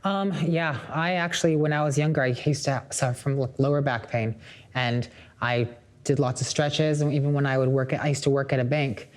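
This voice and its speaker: A woman's voice: very deep voice, a little fast, darkish tone. An easygoing woman co-host in casual talk-show chat. She answers simply and agreeably.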